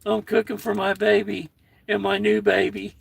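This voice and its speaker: A man's voice: sits high, completely flat delivery, normal speed, creaky, breathy edge. An older American man with a folksy manner, chatting casually on his own livestream and reading out viewer comments. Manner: folksy, reads out viewer comments, warm toward chat. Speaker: livestream host.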